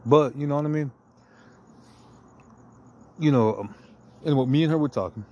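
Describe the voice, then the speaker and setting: A man's voice: mid-range voice, moderate pace, warm tone, dull audio. A man talking in a profane, meandering, self-deprecating monologue as a podcast host. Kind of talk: rambling confessional monologue.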